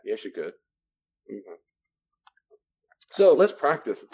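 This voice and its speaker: In a classroom session with role-play, a man explains personal boundaries in a chatty lecture style, going back over phrases for emphasis. His mid-range voice is expressive and a little fast, and the top end of the sound is cut off.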